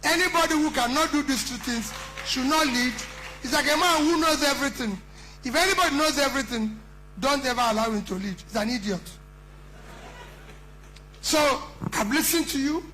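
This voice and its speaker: Middle-aged nigerian guy giving a fired-up campaign speech, really high voice, keeps firing off rhetorical questions. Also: normal speed, pauses often, pushed and bright, a little hiss or hum, poor audio. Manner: emphatic, rhetorical questions, repetition. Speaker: politician addressing a conference.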